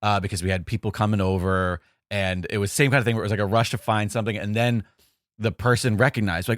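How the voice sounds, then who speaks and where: A man with a lower voice chats casually on a podcast. He talks in loose, filler-heavy sentences and reacts quickly to his co-host. The sound is close and dry. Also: fairly bright tone, no room sound. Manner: chatty, many fillers, quick reactions and backchannels. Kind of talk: casual conversation.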